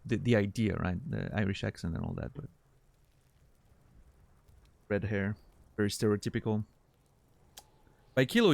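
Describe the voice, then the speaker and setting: A man streaming a game, chatting casually with a deadpan sense of humor and thinking out loud. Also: on the low side, gravelly, no echo. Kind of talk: casual gameplay commentary.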